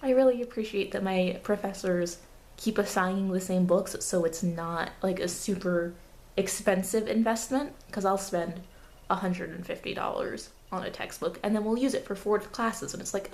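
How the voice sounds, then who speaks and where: A woman's voice: mid-range voice, normal speed, darkish tone, reverberant. A young woman vlogging at home, rambling casually about her studies and cooing baby talk to a toddler. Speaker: vlogger and student babysitter. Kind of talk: casual vlog chat. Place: home, indoors. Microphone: camera on a table.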